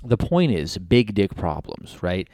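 A man riffs alone through a crude comedy monologue, drifting off his point and doubling back. His voice sits on the low side but swings up and down a lot. The sound is dry and close. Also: sing-song, a little slow, a little mellow, no room sound. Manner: rambling, crude, loses his train of thought. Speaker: podcast host. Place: his home.

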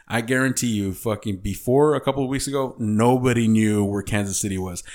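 A man's voice: mid-range voice, fairly quick, hardly any pauses, darkish tone. A man co-hosting a casual chat, blunt and joking, swearing often.

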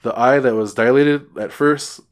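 A man telling a personal story on a podcast as a guest, animated and loose, swearing and stumbling over fillers and restarts. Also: medium pitch, moderate pace. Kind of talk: casual storytelling.

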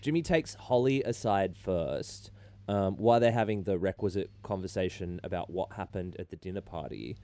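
A man's voice: deep voice, normal speed, mellow, no echo. A man co-hosting a podcast, recapping a reality show in casual, wry chat and laughing often. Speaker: podcast co-host.

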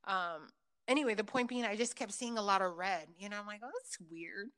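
A woman's voice: medium pitch, a little fast, fairly bright tone, smooth. Chatty, foul-mouthed woman telling stories. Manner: loose, chatty, swears freely; filler-heavy, with frequent ums and likes. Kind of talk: casual storytelling chat.

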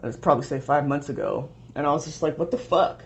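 A woman's voice: sits low, expressive, quick pace, creaky. A young woman venting at home in a rambling, frustrated way, swearing often. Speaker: vlogger. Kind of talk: casual venting monologue. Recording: dull lo-fi home recording.

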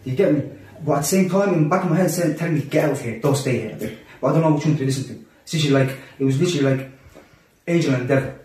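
A young man telling a personal story in casual talk among friends, animated and full of restarts. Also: fairly high pitch, very fast. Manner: animated, acts out quotes, many restarts. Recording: roomy echo, distant mic.

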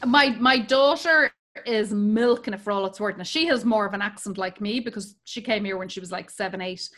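An Irish woman in her forties, chatting casually and telling profane, lively stories about her kids. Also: mid-range voice, fairly quick. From Ireland. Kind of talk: casual chat.

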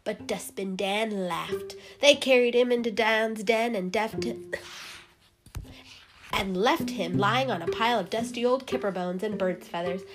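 A woman reading a children's story aloud, narrating in a lively, expressive way. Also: mid-range voice, measured pace. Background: music.

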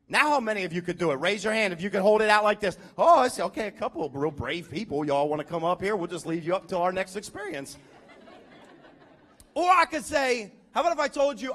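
A male pastor delivers his sermon in a church, with a high voice that leaps up and down. He keeps it conversational and animated, firing questions at the room and drawing the crowd in. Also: fast talker. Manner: animated, conversational, calls out to the congregation.

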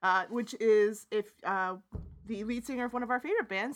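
A woman's voice: mid-range voice, moderate pace. A woman co-hosting a podcast in casual, giggly banter with her co-host. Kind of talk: casual chat.

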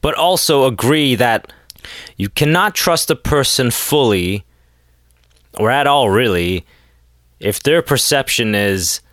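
A man's voice: mid-range voice, animated, slow pace, pauses often, a bit bright, dry recording, clean studio sound. A man hosting a podcast alone, late at night, rambling sarcastically with lots of filler words. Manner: rambling and sarcastic, heavy use of "like". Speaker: podcast host. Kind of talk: casual solo rant.

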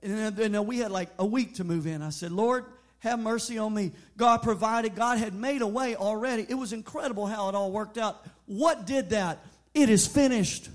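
A preacher delivering an emphatic sermon in a church, telling stories and building to bold declarations. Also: male voice, sits high, a little fast, hardly any pauses. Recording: sermon over background music.

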